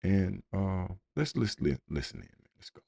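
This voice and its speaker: Very deep-voiced man hosting a blunt talk show. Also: big pitch swings, normal speed, gravelly, dark tone, no echo. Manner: blunt, informal, conversational. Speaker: host. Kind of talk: casual commentary.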